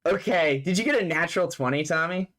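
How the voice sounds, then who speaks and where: Narrating a tabletop game over online voice chat, this man talks fast in a fairly high, expressive, fairly bright voice. As game master he keeps things casual, laughing, cursing freely and filling his speech with "like."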